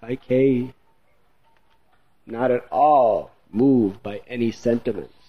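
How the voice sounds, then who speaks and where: Slow, measured male storyteller. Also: medium pitch, lo-fi sound. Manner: measured, vivid narration. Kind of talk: dramatic storytelling.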